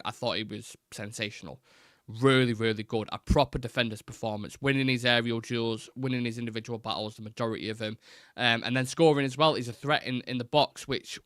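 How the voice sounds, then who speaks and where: A man's voice: medium pitch, pushed and bright, no room sound, clean studio sound. A young man hosting a live football fan show, chatting through his opinions and reading viewer comments, with plenty of fillers and restarts.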